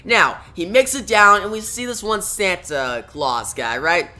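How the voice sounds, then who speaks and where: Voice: medium pitch, lively intonation, a little slow, sharp tone. A comic book reviewer casually retelling a story, starting nearly every sentence with "now" and tossing in "right?". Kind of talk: casual comic recap narration.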